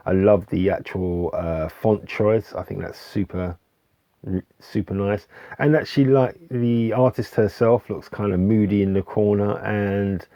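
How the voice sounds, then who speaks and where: A man casually reviewing albums he recommends, hesitant with many fillers and restarts, relaxed and enthusiastic. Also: sits low, dry recording. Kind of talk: casual music review vlog. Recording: dull lo-fi dry recording.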